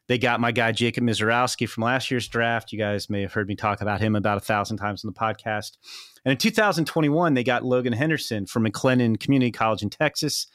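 A man's voice: medium pitch, fairly bright tone, clean tone, no room sound, clean studio sound. A man on a baseball podcast, talking through prospects in detail with self-deprecating asides. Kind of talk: casual podcast chat.

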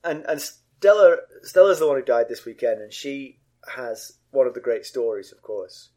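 A middle-aged man co-hosting a podcast, with a lively voice that swoops widely in pitch. He tells funny stories with bursts of laughter and sudden high-pitched yelps. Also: normal speed. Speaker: podcast co-host. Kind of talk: casual chat and animated storytelling.

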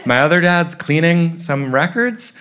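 A young man in his twenties telling a personal story live on stage, animated and often laughing as he goes. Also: fairly high pitch, a little slow, smooth.

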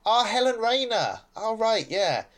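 A man's voice: sits high, very animated, measured pace, a bit bright. A man co-hosting a podcast, chatting casually and sarcastically about a TV episode, often laughing. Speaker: podcast co-host. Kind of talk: casual chat reviewing a TV episode.

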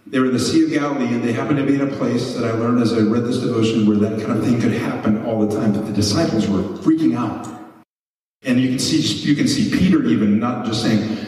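A man's voice: medium pitch, quick pace, darkish tone. A man preaches with mounting passion, pushing his voice up to emphatic peaks. He is picked up from a distance, and his words ring on through a large, reverberant hall. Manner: impassioned, rising to emphatic peaks. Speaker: pastor. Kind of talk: sermon. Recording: echoey hall, mic far off.

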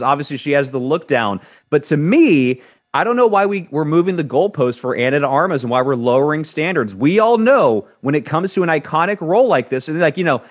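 A man of Cuban descent co-hosting an entertainment news show, giving a blunt, emphatic opinion and often repeating words as he builds his point. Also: on the high side. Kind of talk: opinionated co-host chat.

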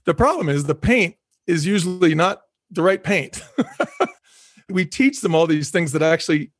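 A man's voice: on the high side, normal speed, no echo, studio quality. A middle-aged man talking earnestly in a reflective conversation, repeating phrases for emphasis and laughing easily. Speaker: guest, former company executive.

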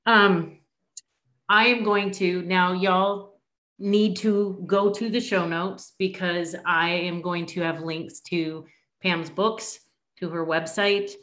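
A woman's voice: fairly low pitch, steady tone, takes it slowly, fairly bright tone. Effusive woman hosting in an echoey room. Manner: effusive, emotional, swears casually. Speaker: podcast host. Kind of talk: casual interview chat.

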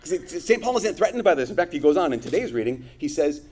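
A man giving a conversational sermon to his congregation, animated, with frequent asides. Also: fairly high pitch, fast talker. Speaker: priest.

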